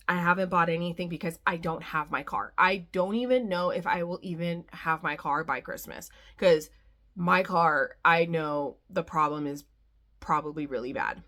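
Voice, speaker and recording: Young female vlogger, candid rambling chat, lower-pitched, a bit worn out. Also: a bit bright. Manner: rambling, frank, slightly weary. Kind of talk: casual chat.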